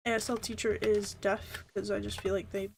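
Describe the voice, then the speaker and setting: A woman's voice: medium pitch, flat delivery, normal speed, slight background noise. A young adult woman streaming a game, chatting casually and rambling with lots of fillers. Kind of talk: casual chat while gaming.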